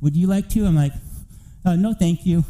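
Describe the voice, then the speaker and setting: Male preacher, high voice, very bright edge, animated storyteller, builds to near-shouting. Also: normal speed, rough recording. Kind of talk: sermon testimony.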